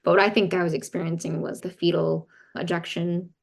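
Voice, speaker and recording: A woman recounts a personal story as a podcast guest, candid and detailed. Her voice sits on the low side with a gravelly fry. She relays what others said along the way. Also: flat delivery, fairly quick. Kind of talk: casual storytelling.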